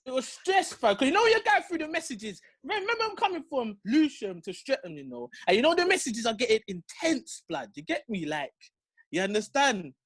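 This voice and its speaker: A young man with a London accent, telling a story in an animated, slang-heavy way as a podcast co-host. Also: extremely high pitch, a little fast, slightly rough, no echo. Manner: slangy, lively, full of street slang tags. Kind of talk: animated storytelling in casual chat.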